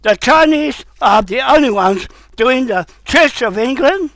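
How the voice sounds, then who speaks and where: A man delivering a heated, confrontational rant, swearing and breaking into shouts. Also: very high-pitched, lively intonation, measured pace, dry recording, poor audio. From New Zealand. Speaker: vlogger. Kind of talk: angry ranting monologue.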